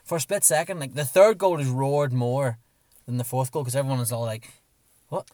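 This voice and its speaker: Excitable man telling stories. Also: medium pitch, fairly quick, no room sound, studio quality. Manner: excitable storyteller who acts out his own shouts. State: hoarse from shouting. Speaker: podcast co-host. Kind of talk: casual football chat.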